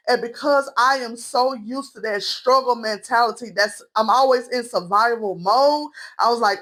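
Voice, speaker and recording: A woman's voice: a little high, moderate pace, few pauses, fairly bright tone. A young woman vlogger giving an emotional, earnest spiritual message straight to her viewers, calling them y'all. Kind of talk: heartfelt spiritual vlog monologue.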